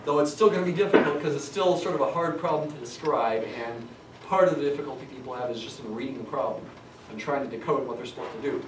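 A man's voice: medium pitch, fast, background noise. A middle-aged man teaching a statistics class, chatty and digressive with dry humor. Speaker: statistics lecturer. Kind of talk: classroom lecture. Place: lecture classroom. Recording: echoey classroom from a distance.

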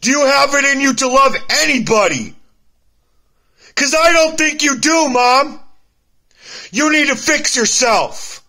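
A man's voice: extremely high pitch, lively intonation, a little slow, pauses often, pushed and bright, voice pushed up, heavily acted. A man playing a grown child who confronts a cruel mother in a raised, accusing voice. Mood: furious. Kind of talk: acted confrontation in a personal video.

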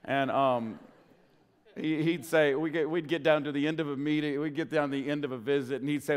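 A middle-aged man preaching a sermon as pastor, swinging between hushed whispers and loud, impassioned bursts. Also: on the high side, steady tone, fairly quick, clean tone. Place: church sanctuary. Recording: long hall reverb.

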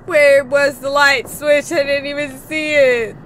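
A high-voiced woman commentates a horror game, frightened and screaming as she goes. She drags her words out slowly and swears often. A clear layer of noise runs under her home stream recording. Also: flat delivery, a bit bright. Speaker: gaming streamer.

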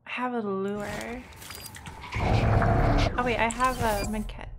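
A woman live-streaming a game, sleepy from little rest and reacting with strings of quick repeated exclamations. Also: on the high side, fairly even intonation, heavy background noise. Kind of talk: live gameplay commentary. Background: loud game music.

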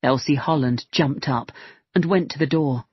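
A man reading a novel aloud in a measured, even storytelling manner. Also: medium pitch, breathy edge, no room sound. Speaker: audiobook reader. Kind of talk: scripted narration. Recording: dull lo-fi dry recording.

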